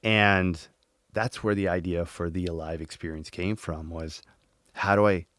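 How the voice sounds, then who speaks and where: A man in his forties, a podcast guest, telling his story in a lively way and acting out his inner dialogue. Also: low-pitched, a little slow, dry recording, clean studio sound. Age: 40s. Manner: animated, acts out inner dialogue, swears casually.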